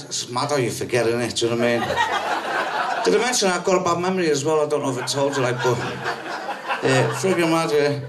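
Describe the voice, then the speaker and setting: A man's voice: medium pitch, lively intonation, a little fast. A man doing stand-up as a rambling, forgetful character who keeps asking if you know what he means. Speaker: amateur stand-up comedian. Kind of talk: stand-up comedy set. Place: packed comedy night venue. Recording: distant mic, loud noise.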